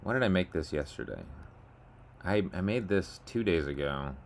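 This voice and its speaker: In this casual screen-share vlog, a man with a low, animated voice at normal speed wanders from thought to thought, muttering, mocking himself, and describing his scrolling and clicking. Slight background noise is present.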